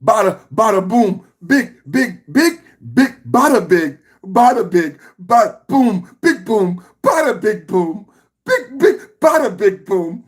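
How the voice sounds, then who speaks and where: Man putting on a high, bouncy alien woman, husky singsong chant, brief movie bit. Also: very animated, slow, full character voice. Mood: playful chanting. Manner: singsong, playful repetition.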